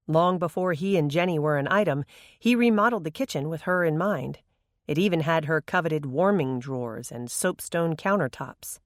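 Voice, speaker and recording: A narrator reading an audiobook in an even, measured voice on a close studio mic. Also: mid-range voice, no room sound. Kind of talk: scripted narration.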